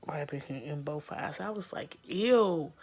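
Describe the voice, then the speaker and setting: A woman's voice: low voice, normal speed, slightly rough. A woman appearing as a guest friend, giving emphatic, disgusted, profane commentary in casual talk.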